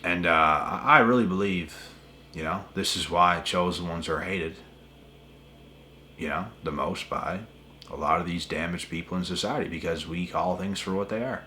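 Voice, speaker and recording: A man's voice: sits low, normal speed, sharp tone, slight background noise. A man hosting a spiritual channel, ranting to camera in an emphatic, repetitive way with a lot of swearing. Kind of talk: casual rant to camera.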